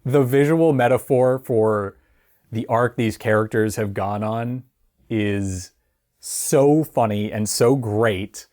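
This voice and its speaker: A man's voice: on the low side, slow pace, darkish tone. Chatty rambling male film reviewer. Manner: rambling, chatty, laughs often, many fillers. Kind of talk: casual spoken film review.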